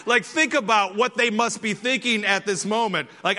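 A middle-aged man preaching a conversational, animated sermon and acting out the people in the story. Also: high-pitched, normal speed, hardly any pauses. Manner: conversational, animated, acts out quoted voices. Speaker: pastor.

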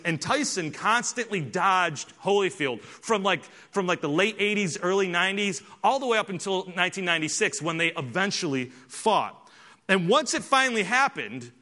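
A man preaching a sermon, telling a story with animated delivery and frequent restarts. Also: on the high side, in a large hall. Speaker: pastor.

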